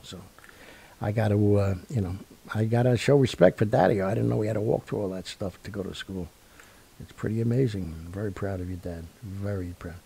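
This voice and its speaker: A man's voice: on the low side, brisk, vocal fry, dark tone, slightly rough. A man hosting a radio show, chatting casually in a rambling, joking way. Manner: rambling and jokey, full of fillers and asides. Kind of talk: casual sign-off chat.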